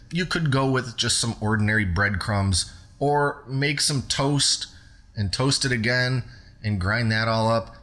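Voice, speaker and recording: Talking through each step of a home recipe on his show, this host keeps things conversational and cheerful. He speaks at a typical male middle pitch, and his tone is bright and forceful.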